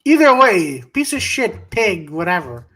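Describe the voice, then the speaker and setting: A man's voice: sits high, big pitch swings, a little slow. A man co-hosting a live podcast, telling a rambling story with lots of swearing and restarts, and breaking off to greet viewers. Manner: shouts out viewers mid-story. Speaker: podcast co-host. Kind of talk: casual live-stream chat.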